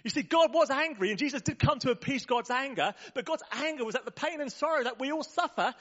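Guy preaching in church, chatty and animated, highish voice, kinda muffled recording. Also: fast talker. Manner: animated, conversational preaching with exclamations. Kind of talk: sermon.

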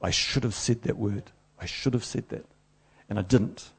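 A middle-aged man preaches, his voice gravelly and a little husky. He tells stories with animated, self-deprecating energy. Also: fairly low pitch, moderate pace. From New Zealand. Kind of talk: sermon.

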